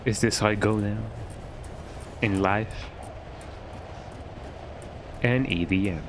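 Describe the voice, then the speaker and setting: A man's voice: lowish voice, slow, long pauses, noisy background. A man streaming a horror game, chatting to his viewers in a rambling, jokey way and often ending his lines with "eh". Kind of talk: casual gameplay chat.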